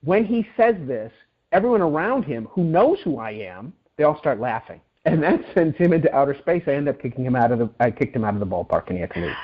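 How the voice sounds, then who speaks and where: A man's voice: mid-range voice, big pitch swings, quick pace, slightly rough. A middle-aged man being interviewed as an author, telling stories animatedly with frequent restarts and repeated words. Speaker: guest author. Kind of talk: interview storytelling. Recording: dull lo-fi audio.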